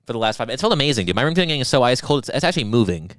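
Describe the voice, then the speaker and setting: A young man co-hosts a podcast, racing through crude stories in casual banter at a medium pitch. He acts out his own lines with animated energy, and the recording sounds dry.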